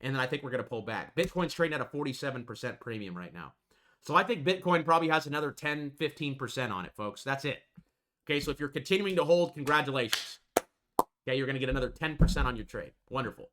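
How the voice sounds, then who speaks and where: A man's voice: mid-range voice, expressive, fast, background noise. A man hosting a trading channel, giving emphatic, repetitive market commentary over charts and tagging his lines with "okay" and "folks".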